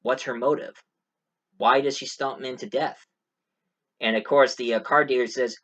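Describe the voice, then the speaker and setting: A man's voice: mid-range voice, steady tone, moderate pace, pauses often, a bit bright, dull audio. Casual male movie reviewer, rambling and jokey. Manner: rambling, many fillers, joking asides.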